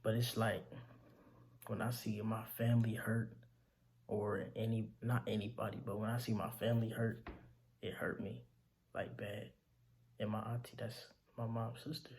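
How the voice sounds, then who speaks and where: Grieving young man, gravelly and low. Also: a little mellow, a little hiss or hum. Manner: halting, repeats himself, calls the listener bro. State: grieving, voice dropping to near whispers. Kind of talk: emotional storytelling to camera.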